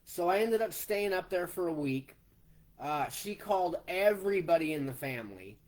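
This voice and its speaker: A man in his forties, slowly telling a personal story in a plain way, step by step. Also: high voice, expressive, a little mellow. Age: 40s. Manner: slow, plainspoken, retelling step by step. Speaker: vlogger.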